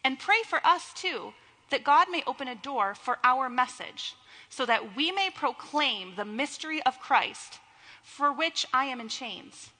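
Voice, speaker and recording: A woman's voice: high voice, animated, a little slow, sharp tone. A young woman giving a sermon as a pastor, with playful, teasing asides to her congregation. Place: church sanctuary. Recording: long reverb of a church hall.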